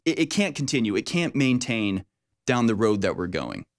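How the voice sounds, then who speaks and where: A man's voice: medium pitch, big pitch swings, moderate pace. A man hosting a casual political conversation, speaking emphatically and often repeating his words.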